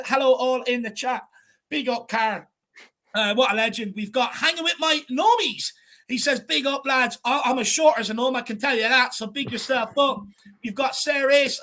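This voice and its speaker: An Irish man co-hosting a fan channel, chatting casually on a live stream and reading out viewer comments with shout-outs. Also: very high voice. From Ireland.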